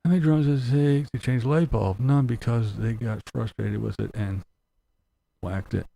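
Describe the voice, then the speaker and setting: A man's voice: mid-range voice, normal speed, gravelly, dark tone. A man hosting a casual livestream, reading comments aloud and ranting bluntly with profanity and chuckles. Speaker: livestream host.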